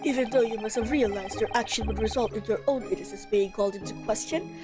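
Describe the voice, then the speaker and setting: A woman doing a formal Victorian gentleman. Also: fairly high pitch, music in the background, lightly acted. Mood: measured. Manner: measured, formal, precise.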